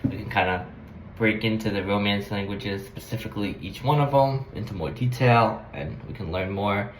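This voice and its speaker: A man's voice: lowish voice, moderate pace, a little hiss or hum. A man talking about languages in a casual, rambling way, hesitant, with many fillers and restarts. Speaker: language-learning vlogger. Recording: echoey room with faint background ambience.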